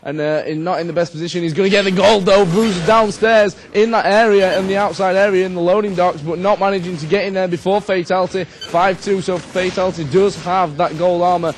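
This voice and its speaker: A man doing live esports co-commentary, measured and steady with frequent fillers, livening at key plays. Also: high-pitched, a little hiss or hum.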